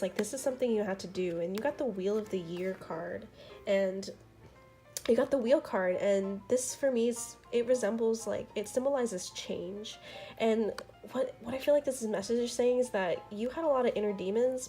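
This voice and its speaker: Young woman tarot reader, casual and heartfelt, filler-heavy, light laughs, faint music underneath. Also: mid-range voice. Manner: chatty and earnest, many fillers and soft laughs. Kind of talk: casual tarot reading vlog.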